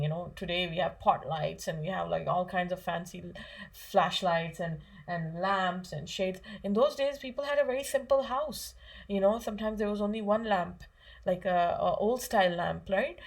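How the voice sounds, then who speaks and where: A woman giving a children's religious lesson in a chatty way, asking her young listeners lots of questions with frequent fillers. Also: mid-range voice. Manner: asks kids questions, conversational, many fillers. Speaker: Islamic studies teacher for children.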